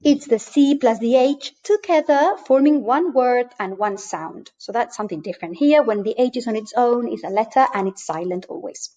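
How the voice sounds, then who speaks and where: A woman language teacher explaining over slides, clear and patient, slowing down to model each sound. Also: fairly high pitch, animated, mellow. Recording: dull lo-fi voice-over.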